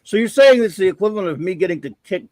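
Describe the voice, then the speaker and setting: Quick-talking wry man, dry sound. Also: high voice, animated, darkish tone, no echo. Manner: wry, mocking nicknames. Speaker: podcast guest. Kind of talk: casual chat.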